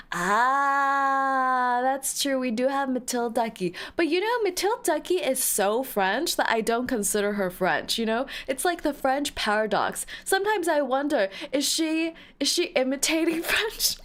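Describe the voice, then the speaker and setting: A woman's voice: high-pitched, expressive, unhurried, a bit bright. A woman streamer chatting playfully with her viewers, teasing and laughing as she reads comments aloud. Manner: playful, giggly, teasing, reading chat aloud. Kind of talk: casual live-stream chat while playing a game.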